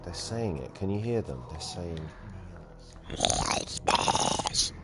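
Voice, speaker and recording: A man's voice: deep voice, expressive, moderate pace, heavy background noise. A young man hosting a let's play, bantering and teasing his co-host in casual gaming chat.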